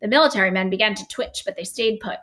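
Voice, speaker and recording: A woman narrating a storybook aloud in an expressive reading voice. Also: mid-range voice, fast. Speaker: reader.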